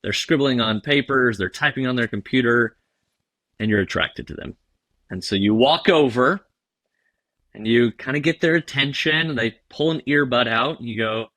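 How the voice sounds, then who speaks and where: A man guesting on a podcast as a sales leader, telling stories in a lively, acted-out way and often laughing. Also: medium pitch, moderate pace, no echo. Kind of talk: animated storytelling in casual chat.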